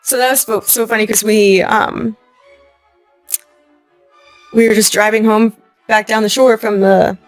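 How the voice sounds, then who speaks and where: A young adult woman telling a personal story as an interview guest, acting out what people said to her with lively voices and laughing often. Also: a little high, a little slow, long pauses, no room sound, faint music behind. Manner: animated retelling, acting out quoted lines, laughing often.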